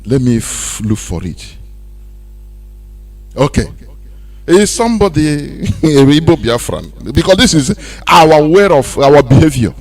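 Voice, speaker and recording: Nigerian man, radio host, lively up-and-down pitch, animated talk with pidgin asides. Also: takes it slowly, pauses often.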